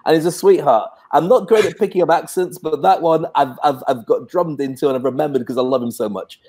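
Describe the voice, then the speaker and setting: A man's voice: a little high, fast, darkish tone. A British man co-hosting a casual talk, chatty and self-deprecating. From Britain. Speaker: co-host. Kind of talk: casual conversation.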